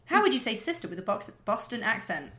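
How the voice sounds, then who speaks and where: A woman's voice: a little high, very animated, quick pace, fairly bright tone. A woman in casual chat who teases and grumbles playfully. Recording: echoey room.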